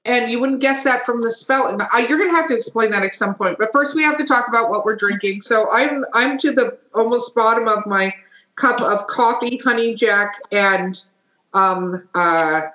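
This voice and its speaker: A woman's voice: mid-range voice, pushed and bright. Tipsy woman podcast host, echoey room. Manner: joking, laughs often, swears casually. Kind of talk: casual chat. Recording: echoey room, dull lo-fi sound.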